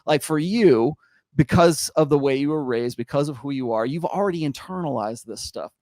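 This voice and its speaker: Measured explaining man, dry close sound. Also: fairly high pitch, animated, a little mellow, no echo. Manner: measured, explanatory, with fillers and restarts. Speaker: author and podcast co-host. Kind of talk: casual podcast conversation.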